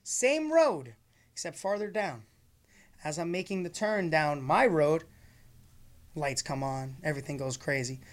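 A man's voice: on the high side, animated, measured pace, pauses often. A man telling a funny story in casual conversation, acting out both sides of the exchange and laughing often as he talks.

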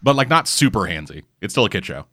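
A man co-hosting a casual podcast, ranting with heavy swearing in an animated way. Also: on the low side, fast talker, dry recording, clean studio sound. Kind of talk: casual chat.

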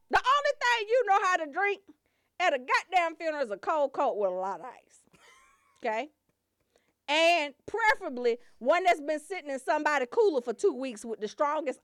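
A high-pitched, wildly swooping woman rants through a comedy routine, loud and profane and laughing at her own jokes. The recording is close and dry. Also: normal speed, no room sound. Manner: loud, animated, swearing freely, laughing often.

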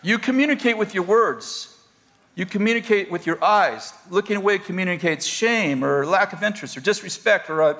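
A man with a high, bright, ringing voice delivering a humorous sermon. He speaks as a pastor and marriage counselor, telling animated stories and playing the people in them. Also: normal speed. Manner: storytelling, animated, acts out quoted people.

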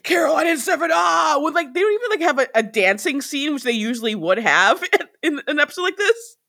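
A woman co-hosting a podcast, joining the recap with animated asides and jokes in casual chat. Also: sits high, quick pace. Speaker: podcast co-host.

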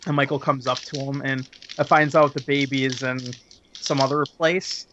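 A man's voice: medium pitch, flat delivery, moderate pace, dull audio, noisy background. A man chatting casually and crudely about a horror film, laughing often as he rambles through the plot.

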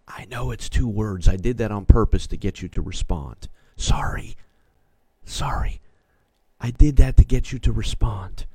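A man's voice: fairly low pitch, a little mellow, dry recording. A man preaching a sermon as pastor from a small studio, emphatic and repetitive, often calling out to his listeners. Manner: emphatic, repeats key phrases, calls on listeners.

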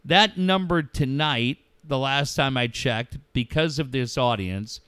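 A middle-aged man on a talk show speaks with emotion, pausing and restarting, with coarse words mixed in. His voice is smooth and resonant. The sound is close and dry, with no room around it. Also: medium pitch, fairly bright tone, no echo. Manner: heartfelt, swears freely, halting pauses. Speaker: radio show host.

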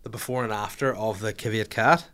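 A young man hosting a podcast, telling a comic story in a lively, profane way and acting out the people in it. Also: fairly low pitch, brisk. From Northern Ireland. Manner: animated, profane, acts out voices in anecdotes. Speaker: podcast host.

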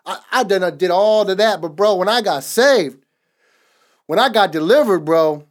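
A man's voice: high-pitched, animated, moderate pace. Emphatic man giving testimony. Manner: emphatic, repetitive preaching cadence. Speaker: podcast co-host. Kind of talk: casual faith talk, personal testimony.

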